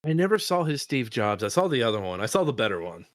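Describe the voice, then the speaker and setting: A man's voice: mid-range voice, very animated, fast talker, dry recording, studio quality. A man co-hosting a podcast, chatting casually about a movie, rambling with restarts and swearing freely. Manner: swears freely and laughs while talking; rambling, many restarts and fillers. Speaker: podcast co-host. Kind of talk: casual chat.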